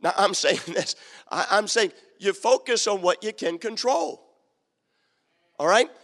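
Male pastor, high voice, emphatic repeating sermon delivery; church sanctuary with a long hall tail. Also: expressive, a little slow, fairly bright tone. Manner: emphatic, repeats key lines, acts out quotes.

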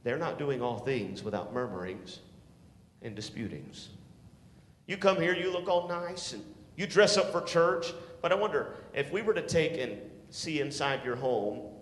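A man preaching a sermon to teenagers, swinging from shouts to hushed tones and calling for responses. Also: medium pitch, a little slow. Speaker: youth pastor. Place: church sanctuary. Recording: echoey hall.

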